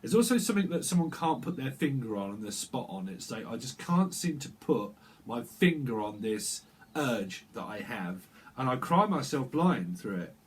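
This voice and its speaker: Husky-voiced man giving a rambling tarot reading. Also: medium pitch, very animated, moderate pace, poor audio. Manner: rambling, chatty, breaks into song. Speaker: tarot reader. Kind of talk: casual tarot reading monologue.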